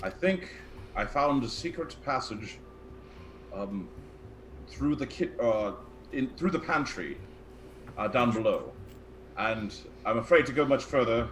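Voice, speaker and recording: A man's voice: medium pitch, expressive, a little slow, pauses often, fairly bright tone, slight background noise, rough recording. A man playing a tabletop role-playing game, speaking in character in a hesitant, wry way. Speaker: player.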